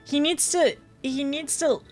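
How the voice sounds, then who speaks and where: A woman's voice: high voice, a little slow, a little mellow, faint music behind. A young woman streaming a game, chatting casually with her viewers in a bubbly, giggly way. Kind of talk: casual live-stream gameplay chat.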